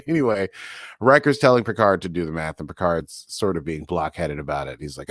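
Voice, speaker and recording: Podcast co-host, male, low voice, casual recap chatter with laughs, dry recording. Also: no room sound. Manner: chatty, laughing, quick asides.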